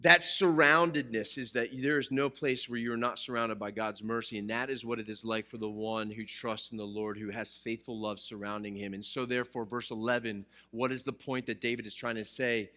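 A man's voice: medium pitch, flat delivery, a little fast, hardly any pauses, bright, forceful tone. A man preaching a sermon to a live congregation in a church, mixing scripture with jokes and questions to the listeners. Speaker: pastor.

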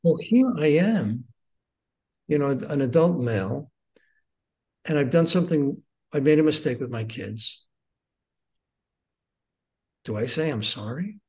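A man in his sixties, a guest teacher, earnestly telling personal stories in conversation and moving between excited and hushed tones. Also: a little high, measured pace, pauses often.

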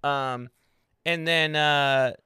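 A man's voice: on the high side, steady tone, extremely slow, sharp tone, clean tone, no echo, studio quality. A man co-hosting a casual sports podcast, talking in a laid-back, rambling way with many fillers. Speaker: podcast co-host.

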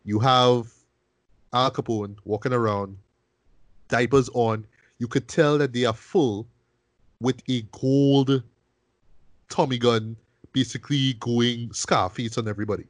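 A man hosting a film review podcast in casual chat, animated and profane, often tagging "right?" and restarting words. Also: medium pitch, unhurried, long pauses, no room sound.

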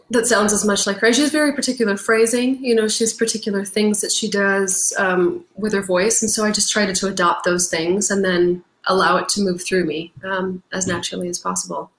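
A woman's voice: medium pitch, echoey room, poor audio. A young Canadian woman, a stage actress, chatting in an interview, telling stories with lots of laughter and playful acted-out quotes. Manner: animated storyteller, laughs often, acts out quoted lines. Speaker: musical theatre actress, guest. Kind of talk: casual interview chat.

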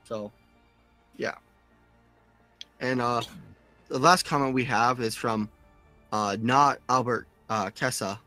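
A man co-hosting a podcast, reading listener comments aloud in a casual, halting way. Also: mid-range voice, sharp tone, dry recording, faint music behind. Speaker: podcast co-host. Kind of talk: casual chat.

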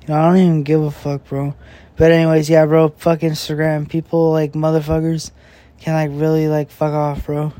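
A young man hosting a late-night podcast, talking in a slow, crude, meandering way full of fillers and swearing, breathing heavily after a big meal. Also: on the high side, monotone, mellow, dry recording. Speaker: podcast host. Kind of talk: rambling late-night casual chat. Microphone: podcast microphone.

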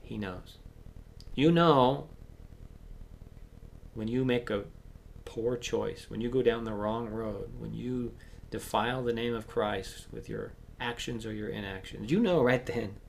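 A man preaching a sermon as pastor, acting out Bible voices and swinging between loud emphasis and hushed asides. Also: on the low side, unhurried, vocal fry, long pauses, slight background noise.

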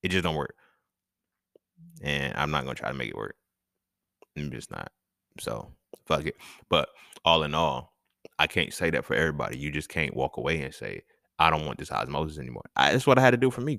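Deep animated man ranting casually. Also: fairly quick, dry recording, clean studio sound. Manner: animated, profane, laughs often. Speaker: podcast host. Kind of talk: casual monologue.

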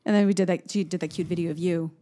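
A woman's voice: fairly low pitch, steady tone, rapid-fire, dark tone. A woman co-hosting a casual chat, telling family stories with frequent laughs. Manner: chatty storyteller, laughs often. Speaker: podcast co-host.

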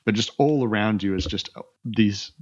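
A man narrating as game master of a tabletop game, halting with many restarts. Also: fairly low pitch, a little mellow. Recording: muffled lo-fi recording.

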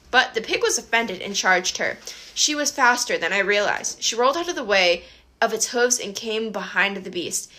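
A woman reading a first-person adventure audiobook with brisk, expressive storytelling. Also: medium pitch. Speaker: audiobook narrator.

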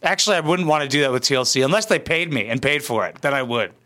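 A man's voice: a little high, expressive, fast talker, pushed and bright. A man giving crude, sarcastic reaction commentary as a YouTuber, blunt and full of swearing.

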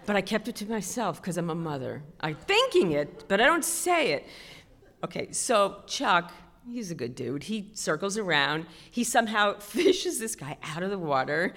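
Animated woman doing stand-up in a hall. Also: mid-range voice, normal speed. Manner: animated, self-deprecating, rises to loud outbursts. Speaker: stand-up comedian. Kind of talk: stand-up storytelling.

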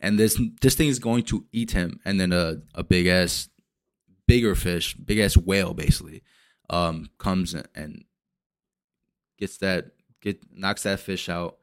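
A man hosting a podcast, recapping a movie in a casual, rambling way, swearing often and acting out characters' lines in quick asides. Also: sits low, clean tone. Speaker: podcast host.

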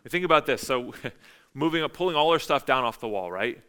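A man's voice: mid-range voice, animated, a little fast, a bit bright, smooth. A middle-aged man preaching a sermon in a conversational, emphatic way, often repeating phrases and asking "right?". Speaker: pastor.

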